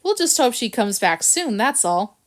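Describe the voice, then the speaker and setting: A woman voicing a gruff, blustering male bulldog who talks pompously in a storybook. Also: on the high side, big pitch swings, normal speed. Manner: pompous, mumbling.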